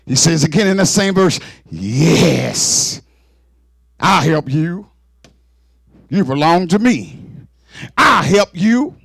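Casting: gravelly-voiced male preacher, high and lively pitch, fervent call-and-response sermon. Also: slow, long pauses, no room sound.

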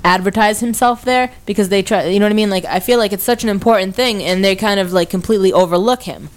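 A young woman chatting casually with friends, animated as she acts out people she met. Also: medium pitch, fast talker. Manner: animated storytelling, acts out quoted voices. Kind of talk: casual group chat.

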